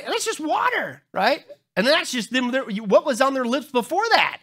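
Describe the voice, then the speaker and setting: A middle-aged man preaching a sermon as pastor, telling funny stories to the congregation and jumping into high voices when he acts out other people. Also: normal speed, slightly rough. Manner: humorous storytelling, talks to the crowd; animated, jumps into high squeaky voices when acting out others.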